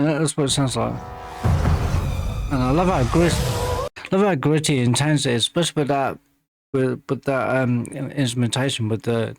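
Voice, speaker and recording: A man's voice: medium pitch, vocal fry, no echo. A man hosting a music reaction video, talking casually with many restarts and fillers, openly enthusiastic.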